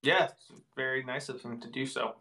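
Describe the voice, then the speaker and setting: A man co-hosting a casual podcast, reacting with quick wisecracks. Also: mid-range voice, fairly even intonation, bright, forceful tone. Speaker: podcast co-host.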